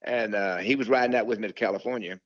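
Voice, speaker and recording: Older male guest, storyteller, lots of "uh" and restarts; low voice, lo-fi dry recording. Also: fairly even intonation, fast, no echo. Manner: rambling, many fillers and restarts, quotes his own thoughts. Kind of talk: casual storytelling interview. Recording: dull lo-fi dry sound.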